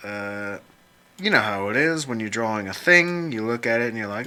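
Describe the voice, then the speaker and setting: Here a man's lowish voice comes across a little fast and sharp-toned, with a bit of hiss or hum in the background. As an illustrator sketching characters on screen, he chats casually to himself, rambling, joking, and letting slip some mild swearing.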